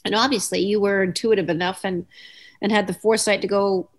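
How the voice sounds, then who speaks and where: A woman's voice: medium pitch, steady tone, fairly quick. Chatty woman radio host. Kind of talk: casual radio chat.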